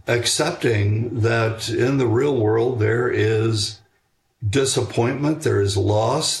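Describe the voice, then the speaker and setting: An older man answering interview questions about raising children in a measured, reflective way, pausing on fillers and restarting sentences. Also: mid-range voice. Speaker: guest author on parenting.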